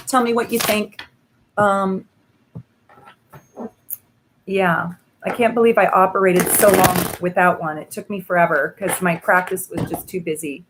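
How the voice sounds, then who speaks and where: A bubbly woman hosts a live stream as an astrologer and tarot reader. She talks in an easy, chatty way, full of gushing warmth, small laughs and "um" fillers. Her voice sits at an ordinary mid pitch. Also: fairly even intonation, measured pace, noisy background. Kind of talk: casual live-stream chat with card readings.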